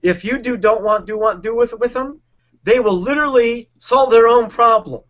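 A man's voice: very high-pitched, normal speed, a bit bright. A man coaching, earnestly explaining a technique and acting out quoted speech in a conversation. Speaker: relationship and sales coach. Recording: dull lo-fi sound.

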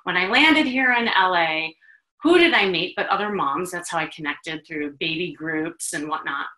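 A woman from Chicago, hosting a talk for women and telling her own story in an animated, confiding way with laughs and restarts. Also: lowish voice, normal speed, reverberant, poor audio. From Chicago, USA. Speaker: host, dating coach. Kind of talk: personal storytelling to an audience of women.

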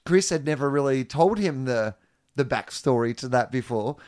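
A man's voice: mid-range voice, expressive, moderate pace, darkish tone. Man reading aloud with jokes. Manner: reads web text aloud with joking asides. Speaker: podcast co-host. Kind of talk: casual chat.

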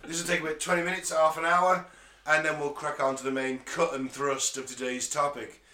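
A man's voice: on the high side, level tone, brisk. A man co-hosting a casual podcast, laughing often and swearing freely while reading out news stories. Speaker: podcast co-host. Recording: roomy echo.

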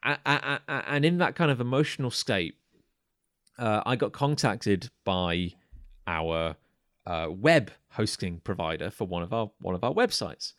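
A man's voice: fairly low pitch, expressive, measured pace, a bit bright, no room sound, clean studio sound. A man co-hosting a podcast, telling a long anecdote in casual chat, stumbling over restarts and acting out what others said. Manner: rambling anecdote with stammered restarts and acted quotes. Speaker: podcast co-host.

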